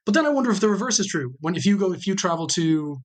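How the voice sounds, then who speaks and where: A middle-aged Irish man chatting casually as a guest on a podcast, talking in quick bursts with many repeated words. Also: high-pitched, big pitch swings. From Ireland. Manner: fast, many stammered word repeats. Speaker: guest military historian.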